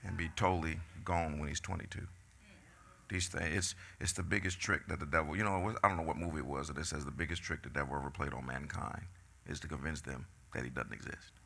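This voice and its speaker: Male preacher, emphatic and scolding; gravelly low voice. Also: fairly even intonation, fast, fairly bright tone. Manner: emphatic, street-talking, scolding congregation. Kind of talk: fiery preaching.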